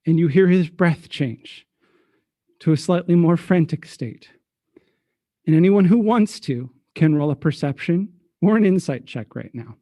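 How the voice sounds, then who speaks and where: A man narrating as game master for a tabletop game, relaxed and a little hesitant. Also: fairly high pitch, unhurried, no echo, studio quality.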